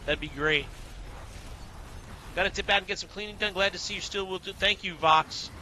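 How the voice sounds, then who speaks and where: A man livestreams a game and talks casually to his chat, greeting viewers and musing about gear. His voice is sharp and very bright, pitched somewhat high, with a faint hum of noise behind it. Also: moderate pace. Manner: relaxed, chatty, reads out and greets viewers. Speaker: game streamer.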